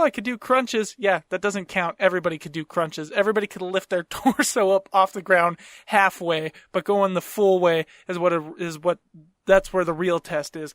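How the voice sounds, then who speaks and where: A man's voice: high-pitched, fairly bright tone, no echo, studio quality. Profane rambling storyteller, a man. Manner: profane, rambling, self-mocking. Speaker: podcast host. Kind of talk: casual storytelling monologue.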